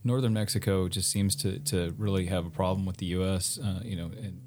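Man, lowish voice, casual chat, measured, hesitant, many fillers. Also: steady tone, a little mellow, slight background noise.

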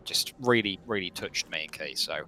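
A man's voice: low voice, normal speed, sharp tone, a little hiss or hum. A man from England co-hosting a casual podcast, chatting and reading listener comments aloud. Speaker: podcast co-host.

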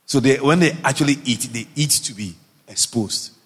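A man's voice: medium pitch, normal speed, husky. Man preaching in echoing hall. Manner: animated, repetitive, asks the audience questions. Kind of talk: sermon. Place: church hall. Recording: long hall reverb.

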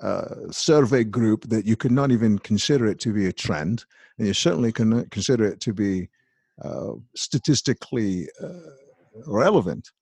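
A man's voice: fairly low pitch, lively intonation, moderate pace, darkish tone, dry recording, heavily acted. A man putting on a crude, boastful aging male film star, rambling through profane rants. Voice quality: gravelly, husky. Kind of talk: comedic impression in a podcast chat.

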